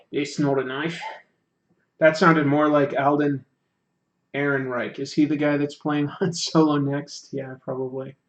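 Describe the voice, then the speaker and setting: A man's voice: fairly high pitch, level tone, measured pace, a bit bright. Joking man streaming on dull audio. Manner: joking, self-mocking, rambling with restarts. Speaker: streamer drawing while chatting. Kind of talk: casual livestream chat.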